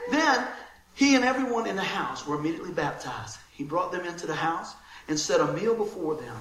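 A pastor delivers his sermon in a high, ringing male voice. He is animated and quick to laugh as he acts out short exchanges for the congregation. The sound is roomy and echoing, like a church sanctuary. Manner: lively, laughing, acts out quotes.

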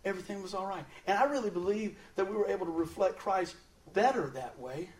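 A man giving a sermon, telling stories in an animated way and laughing often as he talks. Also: sits high, quick pace. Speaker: preacher. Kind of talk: storytelling sermon. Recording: roomy sound, mic at a distance.

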